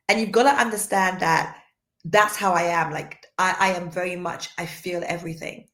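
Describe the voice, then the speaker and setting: A woman giving a livestream faith teaching, soft-spoken and earnest, repeating points for emphasis. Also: lowish voice, fairly even intonation, normal speed. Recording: roomy echo.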